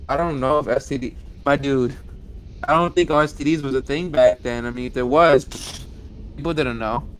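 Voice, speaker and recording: A man's voice: mid-range voice, moderate pace, slight background noise, low-quality recording. A young man chatting crudely and laughing often as a player in an online tabletop game. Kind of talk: casual chat during a tabletop game.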